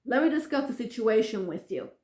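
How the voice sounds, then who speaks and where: Woman playing a formal, calming man on the phone, polite, echoey room. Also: fairly high pitch, fairly quick, lightly acted. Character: polite male official on the phone.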